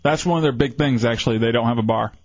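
A man's voice: mid-range voice, fast talker, no echo, highs cut off. A man co-hosting a casual late-night radio show, laid-back and easygoing, with many hesitant fillers. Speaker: radio co-host.

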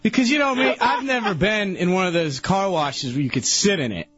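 Excitable husky man telling a story. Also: high-pitched, fairly quick. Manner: excitable, rambling, restarts a lot. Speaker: radio show regular. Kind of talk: animated radio storytelling. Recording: dull lo-fi radio broadcast.

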